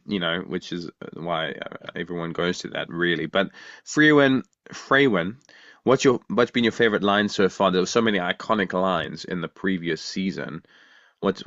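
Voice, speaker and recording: A man with a low-pitched voice talks casually as a podcast co-host, often restarting his sentences and throwing questions back. The sound is a bit muffled and lo-fi, with very little room around it. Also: fairly quick, a bit bright, no room sound. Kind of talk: casual chat.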